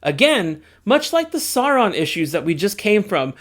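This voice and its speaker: A man hosting his own channel, recapping a comic book issue in a casual, animated, joking way and acting out the characters in quick asides. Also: high voice.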